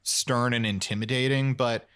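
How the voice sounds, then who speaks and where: A man's voice: mid-range voice, steady tone, normal speed, a bit bright, clean tone. A man co-hosting a podcast, chatting casually and enthusiastically, rambling with fillers. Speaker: podcast co-host. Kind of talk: casual chat.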